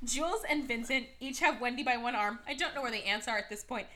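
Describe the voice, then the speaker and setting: A young woman hosting a podcast, casually recapping a movie with sarcasm, lots of fillers and quick quoted voices. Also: on the high side, crowd noise. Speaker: podcast host.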